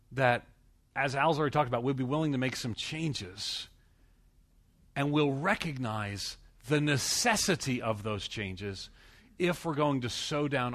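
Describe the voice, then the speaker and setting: A middle-aged man from the United States preaching a sermon, telling a folksy story full of restarts and fillers. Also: medium pitch.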